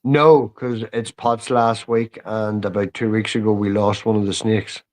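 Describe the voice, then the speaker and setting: A man's voice: fairly low pitch, little pitch movement, a little slow, a little mellow. A man chatting as a guest on a live stream, stammering when he gets going and swearing casually. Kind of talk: casual chat.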